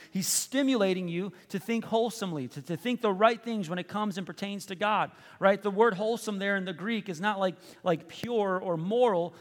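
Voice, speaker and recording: A male pastor preaching in a casual, joking way, stumbling and restarting as he goes. His voice sits a little high for a man. The sound carries a long reverb from a large church hall. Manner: conversational, joking, restarts often. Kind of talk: sermon.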